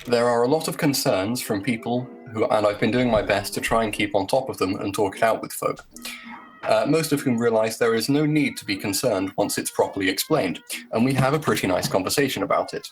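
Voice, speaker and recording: A man with a lowish voice reads his blog post to a group on a video call. He breaks up the text with sarcastic jokes and quick asides. Faint music sits behind him. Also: low-quality recording. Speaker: host.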